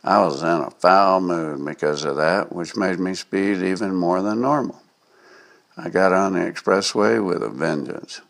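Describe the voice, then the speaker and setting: Low gravelly-voiced man telling a story. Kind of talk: reading a personal anecdote aloud.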